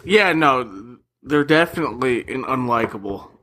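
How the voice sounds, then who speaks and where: A man's voice: mid-range voice, animated, moderate pace, bright, forceful tone, slight background noise. A man co-hosting a podcast, casually chatting about a film with sardonic, profane jokes. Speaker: podcast co-host. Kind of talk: casual film review chat.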